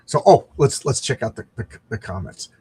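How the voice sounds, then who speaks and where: A man's voice: mid-range voice, lively intonation, normal speed, dark tone, husky. A middle-aged man chatting casually as he reviews a comic book, rambling and reading panels aloud.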